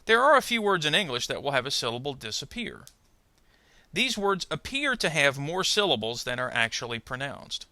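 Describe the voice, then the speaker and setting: A man teaching English pronunciation, speaking slowly and deliberately and saying each example word twice. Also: on the high side, sing-song, sharp tone, no room sound. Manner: slow, deliberate, models example words twice. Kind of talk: instructional narration.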